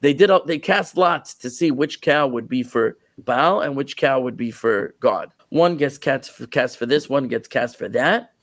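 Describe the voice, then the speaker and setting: Man, rabbi, storytelling sermon, animated, repeats words, dry room. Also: mid-range voice, unhurried, hardly any pauses, no room sound.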